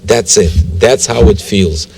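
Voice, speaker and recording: Low gravelly man telling his story. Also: a little mellow. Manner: halting, emotional storytelling with restarts. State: tearful. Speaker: guest telling his testimony. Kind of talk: personal testimony in a TV interview.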